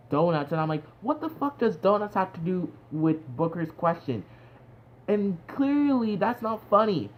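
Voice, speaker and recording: A young man talks through a review in a loose, animated way, stacking fillers and exclaiming. His voice sits at an ordinary pitch for a man. The recording sounds dull and lo-fi, with a faint hiss underneath. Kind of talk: casual spoken review.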